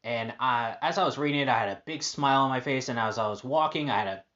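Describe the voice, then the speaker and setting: A man's voice: mid-range voice, fast talker, a bit bright, highs cut off. A man hosting a casual personal podcast monologue, upbeat and rambling with lots of fillers and restarts. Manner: upbeat, positive. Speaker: podcast host.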